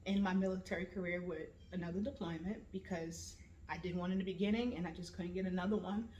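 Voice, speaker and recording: A woman's voice: lowish voice, fast, lo-fi sound, a little hiss or hum. Woman telling stories in a roomy echo. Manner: lively storytelling, slips into voices when quoting family. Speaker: vlog host. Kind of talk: casual personal monologue.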